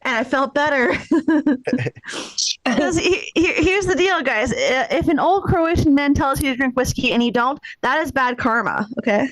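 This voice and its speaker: A woman's voice: high voice, animated, moderate pace, a bit bright, no room sound, low-quality recording. A woman from Canada doing stand-up, telling chatty self-deprecating stories with lots of fillers. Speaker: stand-up comic. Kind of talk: stand-up comedy. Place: comedy club stage.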